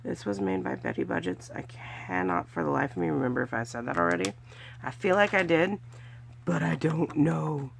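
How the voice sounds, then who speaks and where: Woman, very gravelly voice, casual budgeting vlog, counts cash aloud, faint background noise. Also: low-pitched, big pitch swings, brisk. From California, US. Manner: chatty, counting money aloud with little cheers. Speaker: budgeting vlogger. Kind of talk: casual narration while doing cash challenges.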